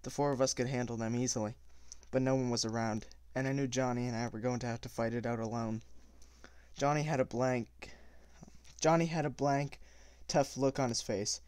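A man reading a novel aloud at a steady pace, with small slips and self-corrections. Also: mid-range voice, fairly quick, few pauses, clear, resonant tone, no room sound. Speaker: audiobook reader.

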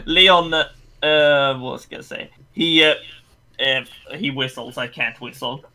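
A man playing a tabletop game, excitable and theatrical, swearing freely. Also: fairly high pitch, a little slow. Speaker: player. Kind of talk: casual tabletop game chat.

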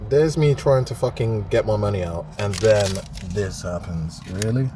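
A man's voice: fairly low pitch, moderate pace. A man with an English accent ranting and swearing in disbelief at a cash machine in a town square, laughing at it. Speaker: vlogger. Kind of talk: exasperated vlog rant. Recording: street noise behind phone recording.

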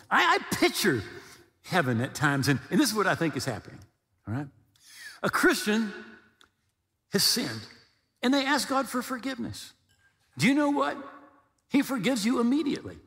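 A man preaching a sermon as pastor, animated and humorous, acting out little dialogues. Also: high voice, normal speed, long pauses, long reverb tail.

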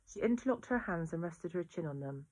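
A woman reading a children's novel aloud in a steady, even storytelling voice. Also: fairly low pitch, fairly quick. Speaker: reader.

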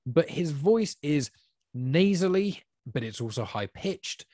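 A man chatting casually on a podcast, giving strong opinions with quick bursts of speech. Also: a little high, expressive, darkish tone, no room sound, clean studio sound. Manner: opinionated, spurts of fast talk. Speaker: podcast guest.

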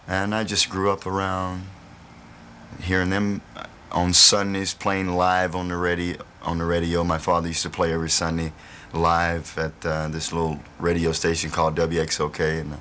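A man's voice: deep voice, completely flat delivery, moderate pace, pushed and bright, a little hiss or hum. A male blues musician, telling rambling stories with laughter. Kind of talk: relaxed storytelling interview.

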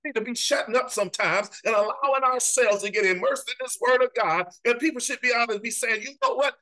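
Man, Bible study preacher, high voice, bright forceful tone, impassioned and repetitive. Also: quick pace, poor audio. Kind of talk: sermon-style Bible teaching.

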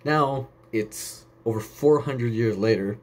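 A man's voice: mid-range voice, slow, noisy background. A young man hosting a casual solo podcast, rambling off on tangents and swearing casually. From United States. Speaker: podcast host.

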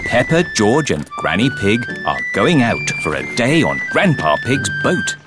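A man narrating a children's cartoon in a calm storybook manner. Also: medium pitch, unhurried, music in the background.

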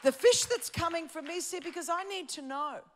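Lady pastor preaching, high voice, goes from shouting to quiet. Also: moderate pace, a little hiss or hum. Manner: passionate, shifting between shouting and quiet emphasis. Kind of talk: sermon.

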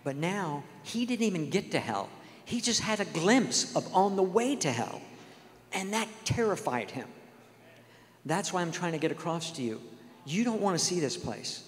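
A man's voice: high-pitched, very animated, normal speed. A man preaching a sermon, telling stories earnestly and acting out the dialogue. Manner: earnest storytelling, acts out quoted dialogue. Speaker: guest speaker. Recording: long hall reverb.

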